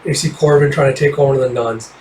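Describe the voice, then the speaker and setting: A man's voice: medium pitch, steady tone, racing, a little mellow, roomy sound, far from the mic, a little hiss or hum, poor audio. A man casually reading through a comic book, summarizing panels in a rambling, offhand way with fillers and swearing.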